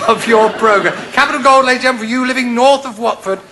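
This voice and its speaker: A man's voice: extremely high pitch, brisk, a crowd in the background. A man hosting a television chat show, asking teasing, jovial questions of his guest in a studio. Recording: 1990 TV broadcast.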